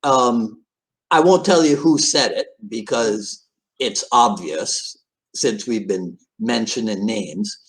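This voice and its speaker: A man hosting an interview podcast, asking questions with halting restarts and lots of yeahs. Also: lowish voice. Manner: animated, halting restarts, frequent backchannel. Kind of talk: casual interview conversation.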